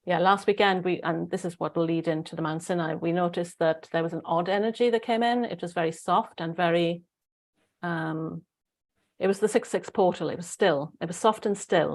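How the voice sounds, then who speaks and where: Casting: Welsh woman host, lowish voice, chatty, rambling, restarts mid-sentence. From Wales. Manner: rambling, searching for words, frequent restarts. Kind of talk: casual spiritual group chat.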